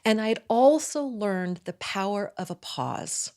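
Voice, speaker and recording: A woman in her forties, a midwife and acupuncturist, excitedly telling her own story as a guest in a conversation. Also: medium pitch, slow. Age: 40s. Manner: excitable and talkative.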